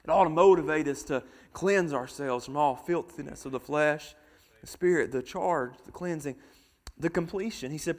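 Male preacher, high voice, dynamic sermon delivery with big swings in volume. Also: gravelly. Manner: swings from quiet to loud, slowing for emphasis.

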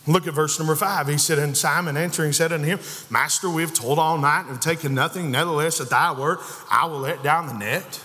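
Preaching fast with hardly a pause, a fairly high-voiced man uses a bright, forceful tone and builds emphasis on every point. He slips into the voices of the characters in his story as his sermon reverberates long through the sanctuary.

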